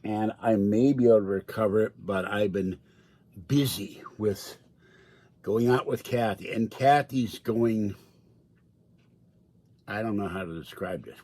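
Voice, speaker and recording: Hosting a livestream from indoors at home, a man chats casually, drifting from one story to the next and laughing often. His voice is lowish, warm, and slightly rough.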